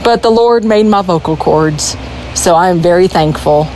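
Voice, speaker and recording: A woman's voice: lowish voice, moderate pace, darkish tone, a little hiss or hum, low-quality recording. A woman from Texas with a Texan accent, calling in with an earnest, pleading prayer message. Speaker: caller.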